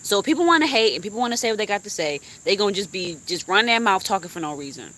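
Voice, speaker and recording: A woman's voice: medium pitch, lively intonation, rapid-fire, fairly bright tone. A young woman YouTuber venting bluntly to her live stream chat, cussing freely.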